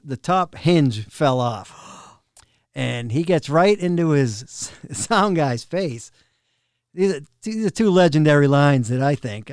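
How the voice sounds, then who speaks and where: A middle-aged man, a drum tech, casually telling backstage stories on a podcast, animated and often laughing. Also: fairly high pitch, clean tone, no echo, studio quality. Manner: animated, laughs often, acts out quoted people. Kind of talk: casual storytelling of road anecdotes.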